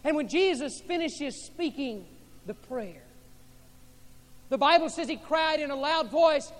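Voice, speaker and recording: A male pastor preaching a sermon with dramatic storytelling, shifting from hushed tones to loud peaks. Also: extremely high pitch, lively intonation, unhurried. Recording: echoey hall with faint hum.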